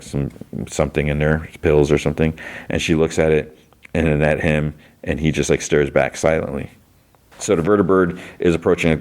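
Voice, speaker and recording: A man's voice: very deep voice, a little mellow. A man hosting a podcast who recaps an episode in a loose, rambling way full of "like" and restarts. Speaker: podcast host.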